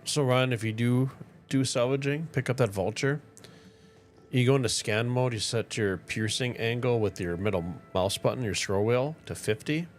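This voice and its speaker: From a tiny home, a northern Minnesota man with a Minnesotan accent live-streams a game, relaxed and chatty as he talks to viewers while playing. His voice is medium in pitch at normal speed, with soft music in the background.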